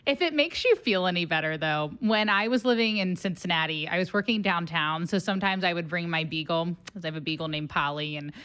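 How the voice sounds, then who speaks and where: A woman's voice: fairly low pitch, a little fast, hardly any pauses, a bit bright, smooth. A woman podcast host and comedian chatting casually and laughing often between lines.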